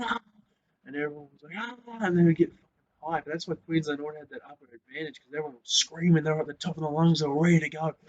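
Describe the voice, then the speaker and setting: A man hosting a casual sports rant, swearing often and growing loud and worked up. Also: fairly high pitch. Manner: swears a lot, gets loud and fired up. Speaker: host. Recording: slightly dull lo-fi sound.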